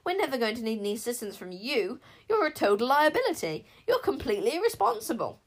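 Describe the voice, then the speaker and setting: A woman reading an audiobook, voicing a furious, proud warrior queen who shouts and scolds. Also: on the high side, sing-song, fast, pitched above the performer's own voice. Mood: scornful. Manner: shouting, scornful. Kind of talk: audiobook character voice.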